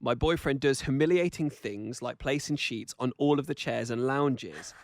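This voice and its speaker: A man's voice: medium pitch, moderate pace, dry recording, clean studio sound. A young man co-hosting a casual podcast, swearing freely, laughing often and reading listener stories aloud. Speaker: podcast co-host. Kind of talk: casual chat.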